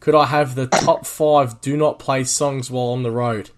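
Brief: Australian male co-host, relaxed wry delivery, reads out listener questions. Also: mid-range voice, moderate pace. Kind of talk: casual sweary banter.

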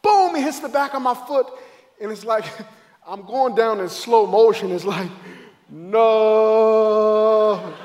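A man, a former football player, giving an emotional faith testimony, dramatic and acting out moments as his voice swings between loud and hushed. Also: extremely high pitch, in a large hall.

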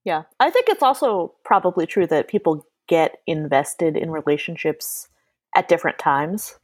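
A woman co-hosting a casual talk show, agreeable and quick to laugh. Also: no room sound. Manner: agreeable, laughs often, lively pitch. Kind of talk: casual chat.

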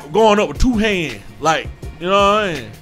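A man's voice: sits high, big pitch swings, normal speed, a bit bright, faint music behind. A man co-hosting a casual podcast, telling a story and quoting what others said. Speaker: podcast co-host. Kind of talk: casual chat.

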